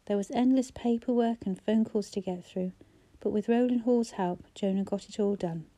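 Woman audiobook narrator, measured and even; dark, mellow timbre. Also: medium pitch. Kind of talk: scripted narration of a novel.

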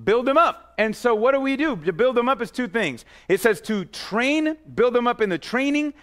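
A man with a high-pitched voice preaches like he's chatting with his congregation. He speaks directly to parents and kids, restarts phrases and repeats himself, and often drops his voice low and quiet to drive a point home. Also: animated, normal speed. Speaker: pastor. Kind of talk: sermon.

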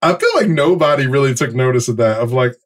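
A man's voice: mid-range voice, animated, fast talker. A man co-hosting a TV podcast in loose, rambling casual chat with fillers and laughs. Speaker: podcast co-host.

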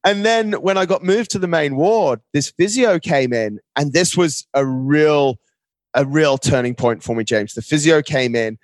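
A man, a podcast guest, telling a personal story in casual conversation. He talks in an animated way and keeps saying "mate.". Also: fairly high pitch, measured pace, no room sound. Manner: animated, often says "mate".

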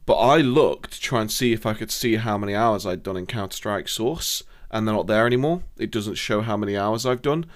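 A man's voice: lowish voice, fairly quick, few pauses. A young man chats casually about games. He tells long, rambling stories, swearing freely and laughing as he goes. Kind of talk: casual gaming chat.

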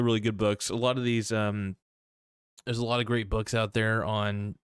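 A man's voice: lowish voice, normal speed, clean tone, no room sound, clean studio sound. A man hosting a podcast, ranting casually and bluntly with plenty of swearing and fillers. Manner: blunt, profane, skeptical, many fillers. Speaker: podcast host. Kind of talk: casual opinionated podcast rant.

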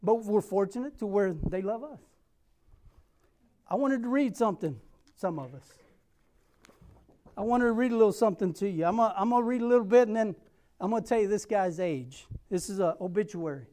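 A man's voice: sits high, lively intonation, brisk, pauses often, dark tone. A middle-aged man delivers a sermon in an earnest, emphatic way. He repeats phrases for weight and speaks straight to the people in front of him. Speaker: pastor.

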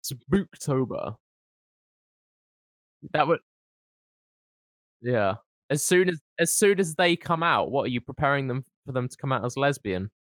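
A man bantering as a podcast host, his high voice jumping around as he jokes and laughs. He talks at an unhurried pace. The sound is close and dry, with no room around it. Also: animated, fairly bright tone, no room sound. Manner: joking, quick banter with laughs. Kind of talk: casual comedic chat.

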